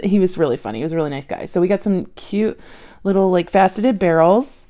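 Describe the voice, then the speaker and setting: A woman with a slightly low voice chats casually about her finds. She talks in an excitable, gushing way, thrilled with every piece she shows. The mood is relaxed and homey. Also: a little fast. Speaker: bead jewelry vlogger. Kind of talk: casual haul chat. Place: at home with her dog nearby.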